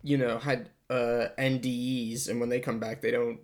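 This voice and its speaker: A man co-hosting a casual podcast, talking haltingly with lots of fillers. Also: medium pitch, little pitch movement. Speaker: podcast co-host.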